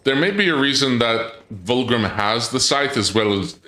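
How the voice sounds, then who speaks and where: A man's voice: medium pitch, lively intonation, normal speed, pushed and bright, reverberant. A man casually commenting on a game during a live stream, thinking aloud and answering chat. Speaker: gaming streamer.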